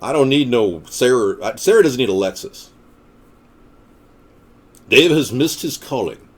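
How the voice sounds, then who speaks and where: A man chats casually on a live stream, rambling off the cuff and cracking jokes as he reads viewer comments. His pitch is in the middle range, but it rises and falls a lot. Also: animated, measured pace, breathy edge. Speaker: live stream host and political candidate.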